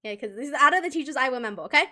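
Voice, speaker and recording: A young woman streamer tells a rambling, animated story in casual chat, full of restarts and giggles. Her voice is high and she talks very fast.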